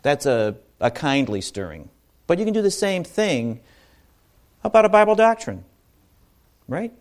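A man's voice: fairly high pitch, very animated, measured pace. A man giving an informal sermon to a congregation, talking conversationally with asides and restarts. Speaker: bible teacher.

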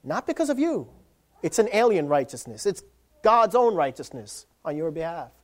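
A man preaching a sermon, animated, swinging from loud emphasis to quiet low asides and acting out little scenes. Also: moderate pace. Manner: animated, acts out voices of dads and kids. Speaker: pastor.

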